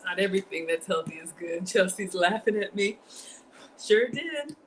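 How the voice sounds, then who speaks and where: A woman hosting a home cooking livestream, telling stories in an animated, chatty way and talking straight to her viewers. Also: mid-range voice, moderate pace, a little hiss or hum. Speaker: home cook livestream host.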